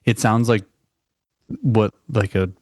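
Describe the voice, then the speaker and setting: A man with a fairly low voice chats casually on a music podcast. He talks in halting stretches filled with "like" and restarts. The recording is dry and close. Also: fairly even intonation, darkish tone, no echo. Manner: loose, halting, says "like" often. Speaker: podcast co-host.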